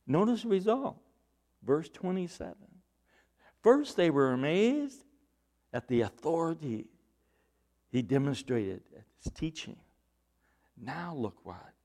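A man preaching a sermon, reading out scripture and breaking into loud, emphatic bursts as he explains it. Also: fairly high pitch, slow, pauses often. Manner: animated Bible exposition, rising to loud emphatic bursts.

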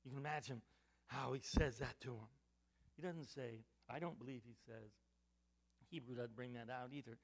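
A man preaching a sermon, firing rhetorical questions and swinging between loud emphatic lines and hushed ones. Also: mid-range voice, steady tone, normal speed.

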